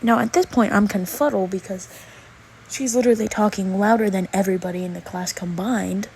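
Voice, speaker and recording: A woman's voice: medium pitch, fairly even intonation, darkish tone, slightly rough, rough recording. A teenage girl telling a storytime rant in a casual, exasperated, slangy way. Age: teens. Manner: exasperated, slangy, drawn-out pauses. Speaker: vlogger.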